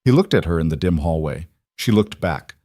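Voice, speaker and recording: A man narrating a scripted story in a measured, even delivery. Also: deep voice, no echo, studio quality.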